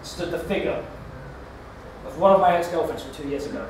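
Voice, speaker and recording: A man doing a stand-up set, telling a rambling story in a deadpan way with stammered restarts. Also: fairly high pitch, fairly quick, slight background noise. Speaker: stand-up comedian. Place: comedy club stage. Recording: echoey club from far off.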